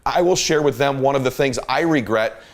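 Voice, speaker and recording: A man's voice: mid-range voice, fairly quick. A middle-aged man hosting a motivational talk, coaching listeners in an emphatic, repetitive cadence. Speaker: host.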